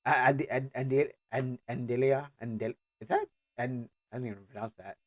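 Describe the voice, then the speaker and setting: A man's voice: mid-range voice, steady tone, normal speed, no echo, lo-fi sound. A man streaming casually, reacting to game trailers as he talks, rambling and stammering with joking asides.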